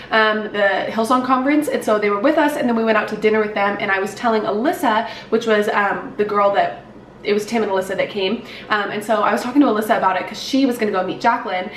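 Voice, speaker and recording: A woman's voice: medium pitch, distant mic, a little hiss or hum. A young woman in her twenties telling a story on her vlog in a casual, upbeat way, with lots of "like" and fillers. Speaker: beauty vlogger. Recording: roomy echo, slightly off-mic, faint ambience.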